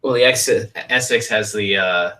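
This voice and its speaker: A man's voice: on the low side, normal speed, pushed and bright, far from the mic. A man hosting a podcast in casual chat, rambling and often restarting his sentences. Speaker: podcast host.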